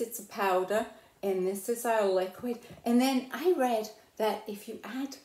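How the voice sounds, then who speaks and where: A woman's voice: on the high side, darkish tone. A middle-aged woman presenting a children's library program, explaining crafts and experiments step by step and asking the viewer friendly questions. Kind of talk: hands-on craft and science lesson for kids. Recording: echoey room.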